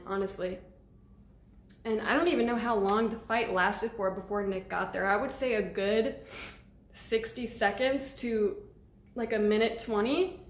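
A woman telling a personal story to camera in a casual storytime vlog, blunt and animated, swearing freely as she goes. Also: mid-range voice, echoey room. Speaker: vlogger.

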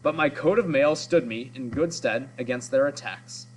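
A man's voice: medium pitch, normal speed, slight background noise, natural voice, low-quality recording. A man reading the lines of a proud, boastful male hero in solemn, old-fashioned speech. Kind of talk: read-aloud of a story.

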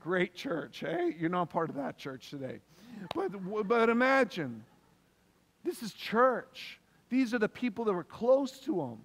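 A man's voice: sits high, very animated, a little slow, slight background noise. A man preaching a sermon as pastor, emphatic and repeating key phrases for stress. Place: church hall. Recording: long reverb of a church hall.

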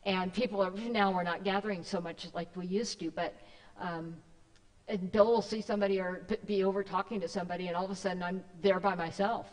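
A woman's voice: medium pitch, fairly even intonation, fairly quick. Chatty woman talking to a church group, lots of ums, echoey hall sound. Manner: chatty, rambling, with many fillers and restarts. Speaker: guest speaker. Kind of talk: casual talk to a church group.

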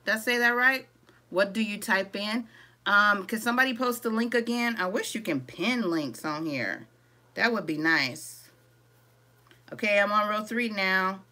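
With a medium-pitched voice and a measured pace, a woman leads a live crochet-along in a relaxed, chatty style. She reads viewers' comments aloud as she works, greets them by name, and calls them "y'all."

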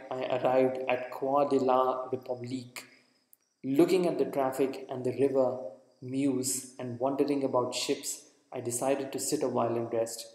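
A man reads a first-person book chapter aloud, earnest and a little halting, often going back to correct himself. His voice sits at a middle pitch. It echoes around a room with a long reverb tail. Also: a little mellow. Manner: earnest reading with frequent restarts. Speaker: audiobook reader.

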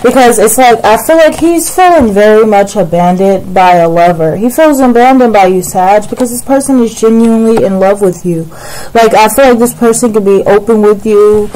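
A woman's voice: mid-range voice, moderate pace, mellow, slight background noise, poor audio. A woman giving a casual tarot reading straight to the viewer, rambling and filling her talk with "like" and "it's like". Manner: rambling, repeats "like" and "it's like", addresses viewer directly. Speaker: tarot reader.

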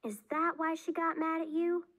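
A woman's voice: very high-pitched, little pitch movement, moderate pace, fairly bright tone, voice pushed up. Woman doing Ivy, an earnest little would-be witch. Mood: chatty. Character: serious young girl who plays witch.

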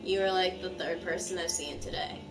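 A woman's voice: fairly low pitch, steady tone, brisk. A woman playing a game alongside her sister, joking and reading character lines. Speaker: co-player, sister. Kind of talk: casual game playthrough. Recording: roomy, distant mic with game music.

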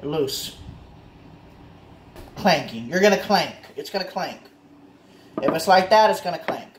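A man's voice: on the high side, expressive, a little slow, echoey room, background noise. A man ranting in a casual vlog, frustrated and repetitive, swearing often. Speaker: car owner vlogger.

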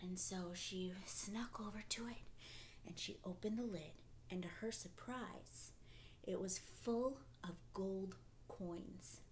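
A woman telling a fairy tale in a slow, hushed, half-whispered narration. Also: mid-range voice, a little hiss or hum. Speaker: storyteller. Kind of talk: storytelling performance.

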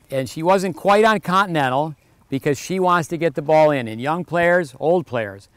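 A male tennis coach works with a player on an outdoor court, explaining the technique and giving brief, practical commands. He counts out the rhythm of the serve in a patient, instructive voice. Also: mid-range voice.

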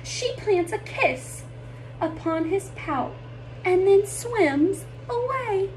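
A woman's voice: very high-pitched, lively intonation, slow pace, darkish tone, far from the mic, a little hiss or hum, low-quality recording. A woman narrating a rhyming children's storybook aloud.

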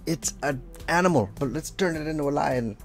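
A drawing instructor leads a casual draw-along, talking as he sketches, playful and rambling with self-mocking asides. His voice is fairly high and brisk, with music in the background.

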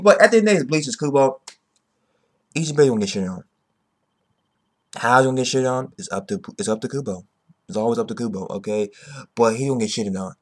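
Excitable young man reviewing manga. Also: mid-range voice. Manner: excitable, heavy slang and swearing, repeats "okay?". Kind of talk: casual commentary.

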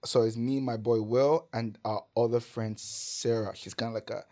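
Canadian guy, podcast guest, mid-pitched voice, animated swearing storyteller who laughs a lot. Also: normal speed. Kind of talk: casual storytelling.

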